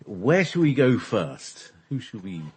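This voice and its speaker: A man's voice: medium pitch, big pitch swings, takes it slowly, a little mellow, slightly rough. A man co-hosting a casual talk show, joking and chuckling through the banter. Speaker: co-host. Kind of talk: casual chat.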